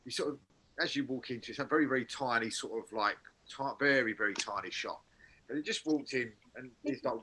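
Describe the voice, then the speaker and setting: A man hosting a casual chat, telling a long, animated anecdote with many restarts. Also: medium pitch, low-quality recording. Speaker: podcast host.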